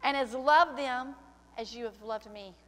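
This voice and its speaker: A woman's voice: high-pitched, unhurried, a bit bright, in a large hall. An older woman pastor preaching a sermon, emotional and tearful, slipping into prayer. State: crying. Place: church sanctuary.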